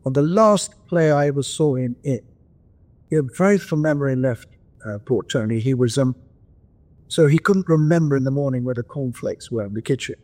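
Over a video call from his countryside home, an older man appears as an interview guest and reflects on stories from his past. He talks fairly quickly at a moderate, even pitch. His tone is gentle and anecdotal, with small restarts as he collects his thoughts.

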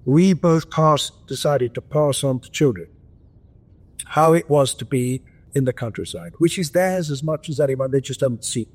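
An older man speaks at a moderate, even pitch, telling stories from his past. His delivery is gentle and anecdotal, with small restarts as he gathers his thoughts. He is talking from his home in the countryside over a video call. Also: moderate pace. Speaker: interview guest. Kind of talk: reflective storytelling.

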